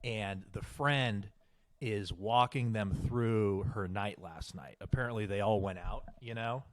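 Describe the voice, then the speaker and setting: A man's voice: fairly low pitch, a little slow. Profane, ranting young man on a podcast. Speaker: podcast co-host. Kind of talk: casual chat.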